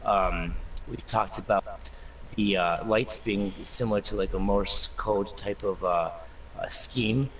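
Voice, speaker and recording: A man's voice: fairly low pitch, steady tone, slow pace. A man guesting on a casual gaming discussion, thinking aloud with lots of fillers. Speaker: guest panelist. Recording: distant mic with faint noise.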